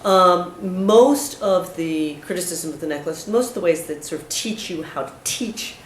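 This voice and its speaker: A woman's voice: fairly low pitch, measured pace. A woman professor asking a long, thoughtful question from the audience, with frequent restarts. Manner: thoughtful, hesitant, with many restarts. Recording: echoey room with faint hiss.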